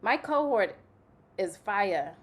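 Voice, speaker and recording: A young woman from Zimbabwe talks through her path as a guest in a relaxed interview. Her pitch sits in the middle of the range, and her telling is chatty and animated, with "like" sprinkled all through it. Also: slow pace, slightly rough. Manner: chatty, animated storytelling with frequent "like" fillers. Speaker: guest, playwright and actress. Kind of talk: casual conversational interview.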